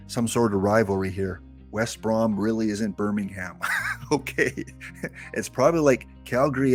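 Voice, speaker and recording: A man's voice: fairly low pitch, a little mellow. A man streaming a game live, chatting and joking with his viewers. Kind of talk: casual live-stream chat.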